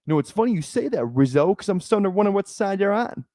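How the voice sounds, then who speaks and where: A streamer playing a distrustful young hockey player with a Boston accent. He needles and challenges a teammate in a high, pointed voice. The pitch sits far above the speaker's own. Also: expressive, fast talker, dark tone, dry recording, studio quality. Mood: suspicious. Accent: Boston, put on.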